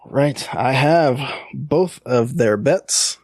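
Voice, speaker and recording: A man's voice: mid-range voice, takes it slowly, darkish tone, no room sound. Man reading quiz questions. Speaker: podcast co-host running the trivia. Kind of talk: casual podcast quiz hosting.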